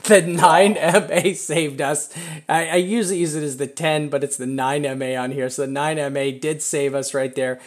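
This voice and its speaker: A man hosting a live stream, talking through trading charts in a rambling, excitable way and laughing often. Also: medium pitch, brisk, few pauses. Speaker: crypto chart analyst host.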